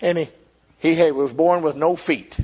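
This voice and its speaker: Telling his testimony from the pulpit, an elderly pastor speaks with sincerity, repeating himself and stopping now and then along the way. His voice is a bit high for a man, steady and slightly rough. The recording quality is flat and lo-fi.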